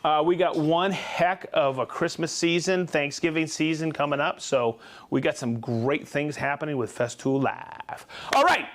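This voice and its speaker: Man, high voice, live show host, chatty, informal, reads viewer shout-outs. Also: fairly even intonation, a little slow. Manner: chatty, reading out viewer names and hometowns; informal, with restarts and asides.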